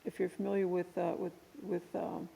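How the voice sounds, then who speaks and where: A woman serving as hearing examiner who speaks haltingly and a little muffled, with a cough drop in her mouth. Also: fairly low pitch, level tone, gravelly, mellow, slightly rough. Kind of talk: formal public hearing. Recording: long reverb in a hearing room.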